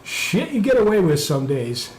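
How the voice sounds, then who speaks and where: A man's voice: high-pitched, big pitch swings, normal speed, darkish tone. A man hosting a live stream, chatting casually and telling a profane story while muttering over his computer work. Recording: echoey room, faint background noise.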